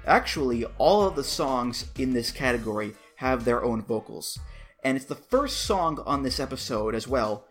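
A man's voice: medium pitch, expressive, moderate pace, soft background music. A man hosting a solo podcast, talking casually with playful, jokey asides. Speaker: podcast host.

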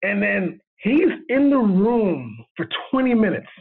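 Man, high husky voice, lively storyteller, acts out dialogue, tinny phone line. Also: unhurried. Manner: animated, acts out quoted dialogue, laughs often. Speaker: guest cinematographer. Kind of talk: storytelling in casual chat.

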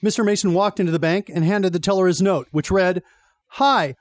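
A young man hosting a radio show, telling a funny story in an animated way and laughing as he goes. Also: high voice, quick pace, no echo, studio quality. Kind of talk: casual storytelling chat.

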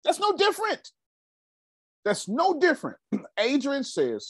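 A man's voice: sits high, wildly swooping pitch, fairly quick, breathy edge, dry recording, clean studio sound. A man leading a group meeting with a motivational talk, emphatic and preachy, repeating his phrases and using casual slang. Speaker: meeting leader.

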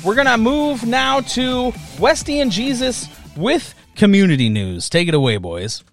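A man's voice: very high-pitched, very animated, unhurried, a bit bright, soft background music. A man hosting a podcast, giving upbeat promotional announcements. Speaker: podcast host.

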